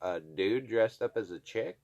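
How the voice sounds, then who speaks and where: A man from Alaska delivers a heated, profane rant straight to camera. His voice sits somewhat low, and he keeps punching words with curses as he rails on. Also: animated, unhurried, darkish tone, muffled recording. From Alaska, USA. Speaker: vlogger. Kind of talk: angry political rant to camera.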